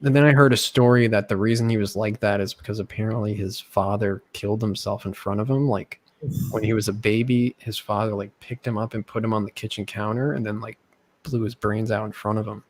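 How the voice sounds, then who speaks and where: A man's voice: lowish voice, brisk. A young man casually telling stories among friends, acting out the people he quotes. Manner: animated, acts out quoted people with raised voice. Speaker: host. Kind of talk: casual storytelling chat.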